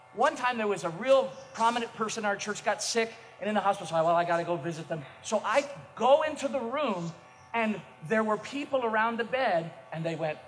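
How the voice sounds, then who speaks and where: A middle-aged man preaching a sermon as a pastor, telling self-mocking stories with energy and bursts of shouting. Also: extremely high pitch. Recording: echoey hall, faint noise.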